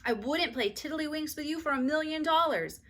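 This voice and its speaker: A woman voicing an exasperated schoolgirl older sister, brisk and indignant, in a storybook read-aloud. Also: high voice, fairly bright tone, pitched above the performer's own voice. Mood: snappish.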